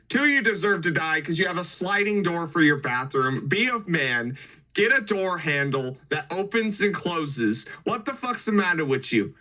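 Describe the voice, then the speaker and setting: A man's voice: a little high, pushed and bright. A man reviewing horror movies in a crude, joking, riled-up casual chat. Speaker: podcast co-host.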